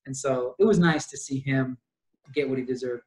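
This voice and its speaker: Speaking at a moderate pace in a mid-range, darkish voice, a young man co-hosting a book-club podcast walks through a plot at great length. He rambles, piling on details, fillers, and asides.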